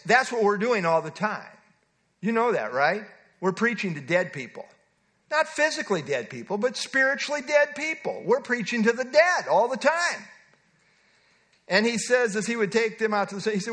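Earnest male pastor with a high voice. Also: a bit bright. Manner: earnest teaching that acts out quoted lines. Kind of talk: expository sermon.

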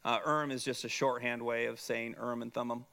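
Bright-voiced man teaching a Bible class. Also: medium pitch, flat delivery, fast, smooth. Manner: explanatory, with frequent "okay?" checks and filler "uh"s.

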